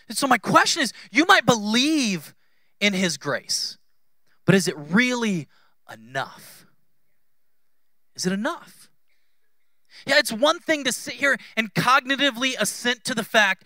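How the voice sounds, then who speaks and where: A man's voice: extremely high pitch, big pitch swings, unhurried, creaky, pushed and bright, no room sound. A male pastor in his thirties giving a conversational, humorous sermon in church, acting out quoted voices.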